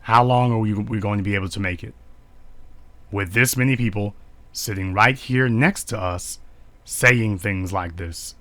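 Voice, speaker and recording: Speaking at a measured pace in a fairly low, fairly bright voice with no room sound, a male online commentator delivers live-streamed social commentary. He's preachy and indignant, pressing his arguments through repeated rhetorical questions.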